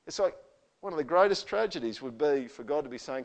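A male pastor preaching a conversational sermon to his church. He checks in with tag questions and swings from quiet, earnest talk to forceful, emphatic declarations. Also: on the high side, lively intonation, fairly quick, vocal fry. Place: church service.

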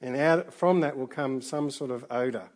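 A middle-aged man preaching a sermon in a relaxed, conversational way, full of restarts and asides. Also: mid-range voice, moderate pace. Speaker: pastor.

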